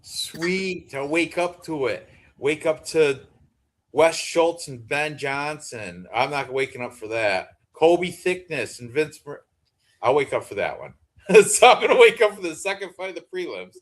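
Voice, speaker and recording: On a sports betting podcast, a fifty-something co-host chats loosely, swearing without restraint and breaking into frequent laughter. He speaks animatedly, a little slowly, in a fairly high-pitched voice.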